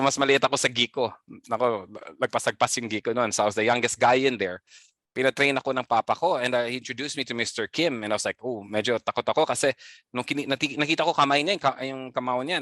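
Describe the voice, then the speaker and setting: A man's voice: mid-range voice, fairly bright tone, no echo. A middle-aged man with a Filipino accent, a guest telling stories in a casual interview, chatty with many fillers and frequent laughs. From Philippines. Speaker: guest, band founder.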